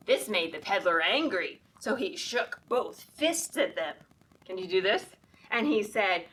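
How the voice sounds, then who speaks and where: A woman with a medium-pitched, fairly bright voice reads a picture book aloud to children as a librarian during storytime, very animated yet unhurried. She often asks the kids questions and invites them to join in, and she is heard from a little distance.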